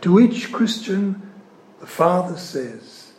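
A man giving an earnest, emphatic sermon-style teaching on scripture. He leans hard on key words and pauses often. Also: medium pitch, expressive, darkish tone, slight background noise. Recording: echoey room.

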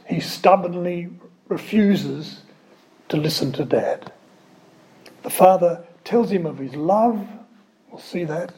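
A man giving a sermon, telling a scripture story with lively, conversational asides and questions to the listeners. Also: fairly high pitch, rough recording. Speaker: preacher.

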